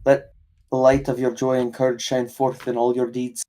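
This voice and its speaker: A man's voice: mid-range voice, flat delivery, normal speed, mellow, natural voice. A man playing an earnest adventurer. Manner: earnest, repeating vows. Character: determined adventurer sworn in as paladin.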